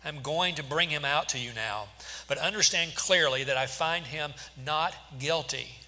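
This is an insistent Roman governor, put on by a man reading scripture aloud. His questions climb high and press hard. The voice is bright and sharp, with a long reverb trailing behind it. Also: unhurried. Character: Roman governor Pilate, male, adult, exasperated and insistent.

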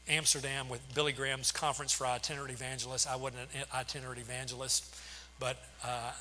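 A pastor in his sixties preaches a sermon, telling stories with many restarts and fillers. His mid-range voice is bright and forceful, heard with long hall reverb and a faint hum.

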